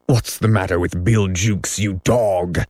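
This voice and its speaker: A man's voice: deep voice, steady tone, unhurried, darkish tone, no echo. A man voicing a villainous pirate captain in an audiobook reading, courteous yet menacing, with a purring, steely manner.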